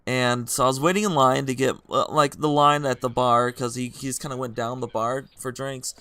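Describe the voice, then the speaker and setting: A young man with a bright, forceful voice chats casually over gameplay, telling rambling stories about nights out. He gets animated and laughs as he goes, and the recording sounds close and dry. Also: mid-range voice, moderate pace, dry recording. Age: young adult. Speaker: gaming vlogger.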